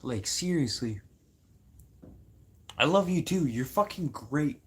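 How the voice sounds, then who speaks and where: A man from Manitoba venting in a casual, unscripted talk to camera, swearing a lot and swinging from loud outbursts to low mutters. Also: expressive, slow pace, slightly rough. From Manitoba, Canada. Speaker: vlogger.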